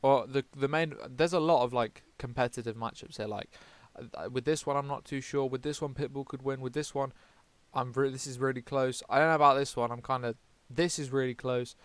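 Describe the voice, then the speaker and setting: A man's voice: mid-range voice, steady tone, brisk, few pauses, clear, resonant tone, no room sound. A man from the UK giving casual fight predictions, rambling, swearing often and correcting himself as he goes. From United Kingdom. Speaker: MMA vlogger.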